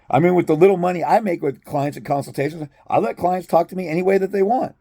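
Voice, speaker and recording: A man's voice: high-pitched, a little fast, creaky, dark tone, no room sound, clean studio sound. A man ranting bluntly and profanely to his viewers as a fathers' rights advocate, exasperated and confrontational.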